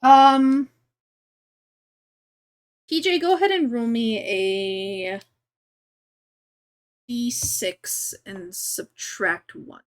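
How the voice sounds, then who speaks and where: A woman running a tabletop game as game master, chatty and relaxed, with lots of fillers. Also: on the high side, extremely slow, long pauses.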